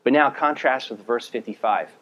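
A man preaching a sermon as a pastor, reading scripture aloud and explaining it, speaking directly to his listeners and dropping to a low, quiet voice for emphasis. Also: moderate pace, muffled recording. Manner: earnest, direct address to listeners.

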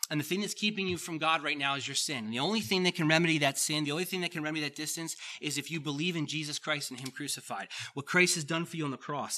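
A middle-aged man preaches a sermon in a church, pressing his points through repetition and then easing into quiet, emotional asides. His voice sits a little high and rings bright and forceful. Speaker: pastor.

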